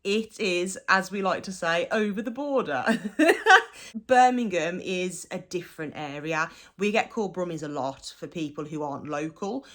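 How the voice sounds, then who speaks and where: Black Country woman, lowish voice, emphatic chatty vlog host. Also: normal speed, hardly any pauses, fairly bright tone. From Black Country, England. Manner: chatty, emphatic, repeats points for stress. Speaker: YouTube host. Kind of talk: casual explainer to camera.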